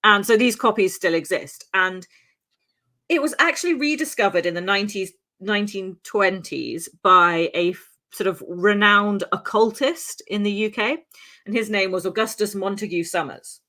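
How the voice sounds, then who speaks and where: A woman's voice: medium pitch, normal speed, pushed and bright. A woman hosting a podcast, telling a true-crime story in a casual, chatty way with many asides and fillers.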